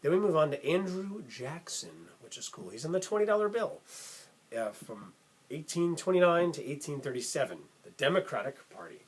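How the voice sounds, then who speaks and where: A man's voice: a little high, lively intonation, moderate pace, breathy edge. A man hosting a casual lesson for children, chatty and upbeat, often calling facts cool. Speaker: music teacher and channel host.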